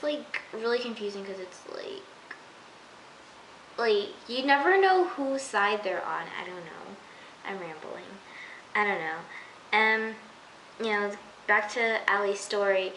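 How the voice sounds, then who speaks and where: Chatty young woman, bright echoey room. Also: fairly high pitch. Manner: rambling, lots of fillers, incredulous asides. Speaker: TV episode reviewer. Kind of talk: casual rambling review. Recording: echoey room with faint hiss.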